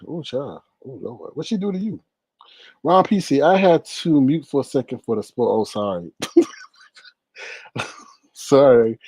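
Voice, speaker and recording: A man hosting a casual livestream, retelling a story with lots of laughter and acting out the scenes in high voices. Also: very animated, unhurried, gravelly, pauses often, a little mellow, no room sound. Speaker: livestream host reading viewer comments.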